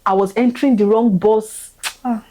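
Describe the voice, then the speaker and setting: A woman's voice: a little high, fairly even intonation, normal speed, dark tone, rough recording. A young woman giving an emotional, fervent testimony of thanks, repeating herself as her feelings rise. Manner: fervent, repetitive, voice rising with feeling.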